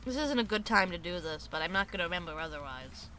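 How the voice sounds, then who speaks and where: A woman's voice: lowish voice, lively intonation, fast, pushed and bright, soft background music. A woman streamer chatting loosely and profanely between bits, with laughing asides. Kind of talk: casual stream chat.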